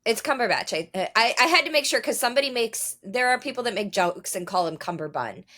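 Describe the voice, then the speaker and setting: Animated woman chatting on a podcast. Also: a little high, brisk. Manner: animated, swearing, laughing storyteller. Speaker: podcast co-host. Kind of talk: casual chat.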